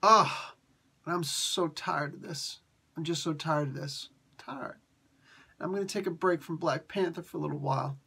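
A woman's voice: deep voice, normal speed, creaky, bright, forceful tone, breathy edge. A woman from Italy giving a casual, exasperated comic book review. She repeats herself and keeps tacking "man" onto her sentences.

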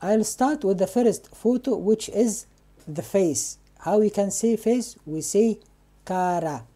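Slow-spoken woman teaching vocabulary. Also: mid-range voice, dark tone. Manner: repeats each word slowly, asks and answers her own questions. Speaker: Spanish teacher.

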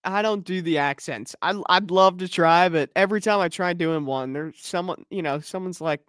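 A man's voice: high voice, normal speed, fairly bright tone, clear, resonant tone, no room sound, clean studio sound. A man co-hosting a live race-watching stream, chatty and explaining racing tactics. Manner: chatty, analytical about racing.

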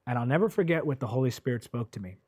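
A man preaching a sermon with passion, speaking directly to his listeners, drawing out key words slowly, swelling loud and then dropping to a hush. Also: medium pitch, animated, slightly rough, dry recording, clean studio sound. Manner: impassioned, swells loud then drops soft; slow, drawn-out delivery when stressing key words.

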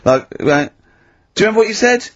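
A male radio host in comic banter with co-hosts, teasing them and often breaking into high-pitched laughter. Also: sing-song, fast, no room sound, muffled recording.

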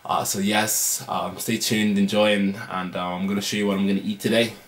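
A man with a low voice and a flat, even delivery talks casually to camera. He pauses often, filling the gaps with ums and restarting his sentences. Later he films in a roomy kitchen while guitar music plays behind him. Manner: hesitant, many ums and restarts. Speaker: vlogger. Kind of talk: casual vlog talk to camera. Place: home kitchen.

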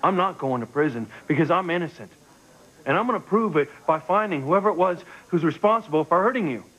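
A man's voice: a little high, expressive, brisk, a bit bright, rough recording. An actor playing an earnest young man in a soap opera who insists he will prove his innocence. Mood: determined.

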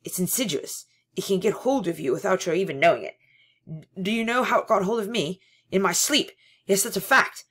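A woman's voice: mid-range voice, fairly quick, slightly rough. Woman doing a stammering, panicky prisoner man. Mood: eager. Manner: stammering, pleading, louder than narration. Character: panicky, servile middle-aged man prisoner.

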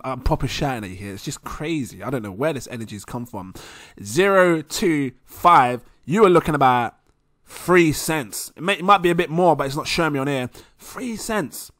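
An excitable young Englishman talks through a casual crypto vlog, rambling and giggling at himself. His pitch swings widely and often jumps up in excitement. His voice sounds bright and forward. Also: dry recording, studio quality. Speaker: crypto vlogger. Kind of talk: casual screen-share commentary.

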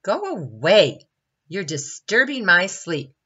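A woman voicing a boastful, grumpy young male baobab tree in a children's storybook reading, whining and complaining loudly. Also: lowish voice, big pitch swings, slow, slightly rough, lo-fi sound, pitched above the performer's own voice, heavily acted. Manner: whiny, loud complaining.

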